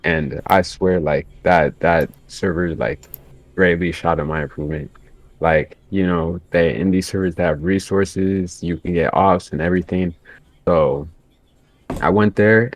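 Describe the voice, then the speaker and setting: Man, very low voice, casual podcast chat, laid-back, filler-heavy. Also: no room sound. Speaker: podcast guest editor.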